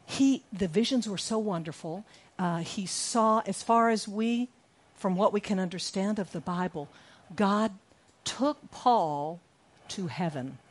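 Middle-aged woman pastor, emphatic sermon voice, mid-range pitch, repeats lines, quizzes the room. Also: a little slow. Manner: emphatic, repeats key lines, questions the congregation. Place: church sanctuary.

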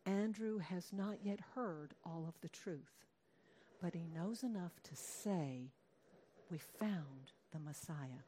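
A woman's voice: fairly low pitch, dark tone, slight background noise. A woman preaching a conversational sermon, asking her listeners questions and acting out quoted lines in a raised voice.

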